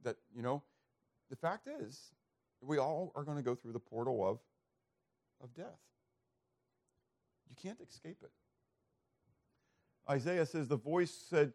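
A male pastor delivering a sermon in a slightly higher voice. He reads scripture aloud and keeps asking "what?" so the listeners fill in the answer. His loudness rises and drops off sharply. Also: expressive, unhurried, long pauses. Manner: call-and-response questions, emphatic swings in loudness.

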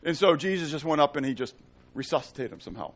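A middle-aged man preaching a sermon, asking his congregation questions, swinging between loud emphasis and hushed tones. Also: a little high, lively intonation, fast. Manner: asks the congregation fill-in-the-blank questions. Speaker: pastor.

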